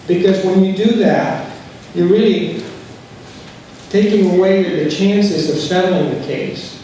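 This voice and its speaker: Male trainer, higher voice, measured unhurried delivery, distant mic in a very reverberant room. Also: dark tone, slight background noise. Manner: slow, deliberate, acts out quoted dialogue. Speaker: settlement conference trainer. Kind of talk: training lecture. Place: courtroom or conference room. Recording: far-off mic in a very echoey room.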